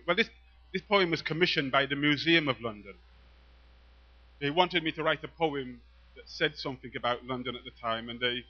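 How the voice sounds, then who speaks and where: Before a live audience at a venue, a poet performs rhythmic spoken-word verse with emphatic declaiming, chatting loosely between pieces in relaxed asides full of fillers. His voice is mid-range, and the highs are cut off.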